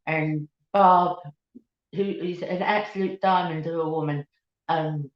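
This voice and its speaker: A woman's voice: low-pitched, steady tone, measured pace. A woman from the East End of London with a Cockney accent, hosting a casual live-stream chat and calling her viewers sweetheart and darling. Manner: chatty, affectionate, calls viewers sweetheart and darling. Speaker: beauty channel host. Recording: roomy, dull lo-fi home stream.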